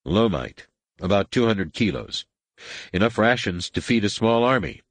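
A man's voice: on the low side, animated, moderate pace, no echo. Man doing Han, a sarcastic older captain. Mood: matter-of-fact. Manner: dry, sarcastic. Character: older male ship captain, wry sarcastic father.

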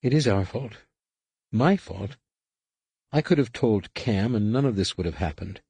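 A man voicing a remorseful young woman who speaks softly and pleadingly. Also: on the low side, lively intonation, a little slow, breathy edge, no room sound, voice pushed up, exaggerated voice.

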